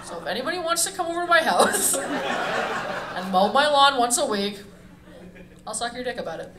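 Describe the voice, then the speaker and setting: A woman's voice: high voice, expressive, normal speed. A woman from Calgary doing brash stand-up comedy on a club stage, swearing freely and laughing at her own jokes. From Calgary, Canada. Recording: roomy club sound, distant mic, noisy.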